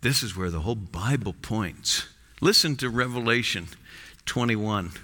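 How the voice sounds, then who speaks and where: A man preaching an expository sermon, reading scripture slowly with strong emphasis. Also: fairly low pitch, lively intonation, pushed and bright. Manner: emphatic, rising and falling for stress, slow deliberate reading. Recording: long hall reverb.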